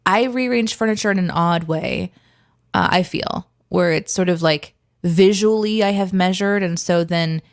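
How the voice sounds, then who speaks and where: A woman's voice: fairly low pitch, a little slow, dry recording, clean studio sound. A woman co-hosting a live morning stream from home, chatting casually in a rambling way and laughing often. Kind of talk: casual chat. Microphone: desk mic on an arm with webcam.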